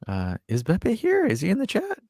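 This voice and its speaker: A man's voice: high voice, wildly swooping pitch, normal speed, darkish tone, dry recording, studio quality. A man co-hosting a casual livestream, chatting, joking and reading viewer comments aloud. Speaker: co-host of a fan livestream.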